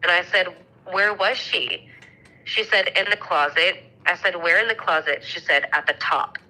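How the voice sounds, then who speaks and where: Chatty woman with a sharp, bright voice. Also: lowish voice, moderate pace, rough recording. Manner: chatty, swears casually, acts out dialogue. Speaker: mother telling a ghost story. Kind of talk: casual storytelling chat.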